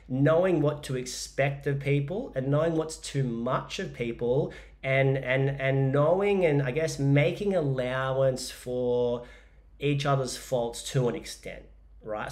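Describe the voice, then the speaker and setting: An Australian man in his forties hosting a casual solo podcast, telling stories in a rambling, jokey way with lots of fillers. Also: medium pitch. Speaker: podcast host and business coach.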